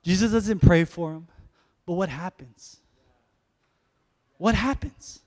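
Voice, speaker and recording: A man preaching a sermon to a congregation, calling out to them and building to loud exhortations. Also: high voice, slow pace, in a large hall. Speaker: pastor.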